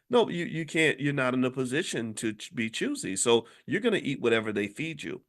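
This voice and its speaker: A man's voice: a little high, big pitch swings, a little fast, fairly bright tone. A man hosting a podcast who delivers a fiery, preachy monologue packed with rhetorical questions. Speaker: podcast host and finance professor.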